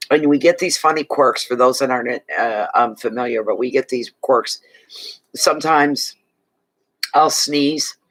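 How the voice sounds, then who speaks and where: A man's voice: mid-range voice, a bit bright, no echo, poor audio. A man giving a casual monthly tarot reading to his viewers, chatty and rambling, with many asides and restarts, tired and yawning. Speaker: tarot reader.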